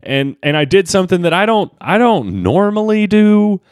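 Animated self-mocking podcast man, slight twang. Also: normal speed, clear, resonant tone, no room sound, studio quality. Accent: slight Southern twang. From Kentucky. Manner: animated, jumps pitch for comic emphasis, self-mocking. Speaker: podcast host and stand-up comedian. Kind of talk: rambling solo podcast monologue.

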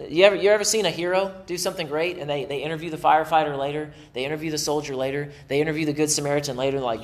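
Animated, conversational male preacher. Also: fairly high pitch, racing, few pauses. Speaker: pastor. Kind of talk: sermon.

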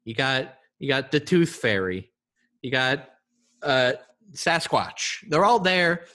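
A man's voice: medium pitch, very animated, slow pace, sharp tone. A man riffing playfully in a casual comedic podcast chat. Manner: riffing, playful, slips into silly voices.

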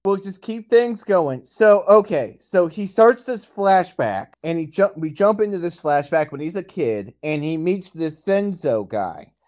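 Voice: mid-range voice, animated, measured pace, few pauses, darkish tone. A podcast co-host in casual chat, recapping a film's plot with dry sarcasm.

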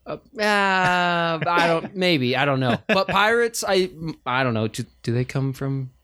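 A man's voice: fairly high pitch, animated, measured pace, bright, forceful tone, smooth. A man co-hosting a gaming podcast, quizzing his friends in a playful, casual chat and laughing often. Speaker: podcast co-host.

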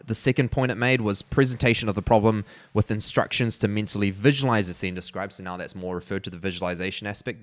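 A man hosting a podcast, explaining ideas in a casual, rambling way with many fillers and restarts, and laughing at his own asides. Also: fairly low pitch. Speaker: podcast host.

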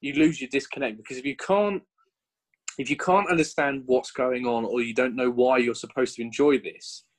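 A man chatting casually on a podcast film review, rambling and excitable, swearing now and then. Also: mid-range voice, normal speed, rough recording. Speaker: podcast guest.

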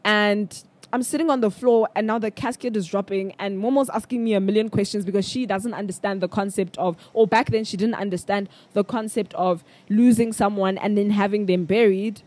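A young South African woman hosting a podcast, telling a personal story in a chatty, animated way with bursts of laughter. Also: medium pitch, a little fast. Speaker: podcast host. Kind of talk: casual storytelling monologue.

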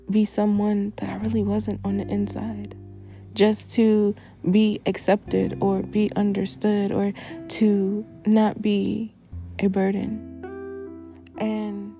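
A woman's voice: medium pitch, mellow. A woman hosting a podcast, talking candidly and emphatically in a reflective personal monologue, repeating phrases and swearing freely. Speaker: podcast host.

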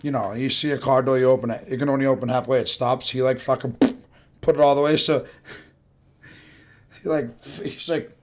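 A man's voice: medium pitch, steady tone, fairly quick, pauses often. Laid-back rambling New guy. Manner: laid-back, rambling, swears casually, trails off. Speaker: podcast co-host. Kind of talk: casual chat.

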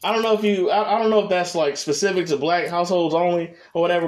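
A young man with a high voice chats alone on his podcast. He rambles, restarts his sentences and swears constantly in an easy, unscripted way. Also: fairly even intonation, fast talker, few pauses. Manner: rambling, heavy cursing, restarts. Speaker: podcast host. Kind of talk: solo casual chat.

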